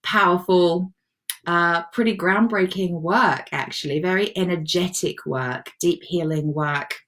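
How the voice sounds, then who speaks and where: A woman's voice: lowish voice, unhurried, a bit bright. A woman hosting a live self-love session, chatting casually and encouragingly as she reads out viewers' comments. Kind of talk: casual live-stream chat.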